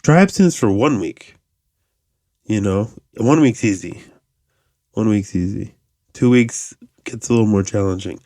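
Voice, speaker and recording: Podcast host in his 30s, low-pitched man, loose profane monologue, dry booth sound. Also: measured pace, long pauses, no room sound. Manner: profane, rambling, animated asides. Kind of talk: casual monologue.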